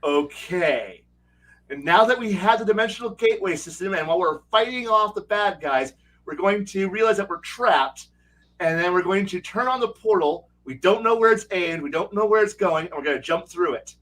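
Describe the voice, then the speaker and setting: A man telling game master stories in casual livestream chat, excitable and rambling, with frequent swearing. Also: sits high, normal speed. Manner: excitable, rambling, profane storytelling. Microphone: streaming setup mic.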